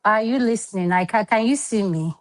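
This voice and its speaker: A woman's voice: mid-range voice, fairly quick, rough recording. A Nigerian woman moderator on an online panel, chatty and assertive. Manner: assertive and chatty, pleading then scolding.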